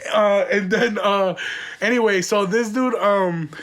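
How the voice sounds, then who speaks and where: A man's voice: sits high, fairly even intonation, takes it slowly, a bit bright. A young man hosting a podcast, telling a profane, rambling story in a casual way and laughing often. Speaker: podcast host.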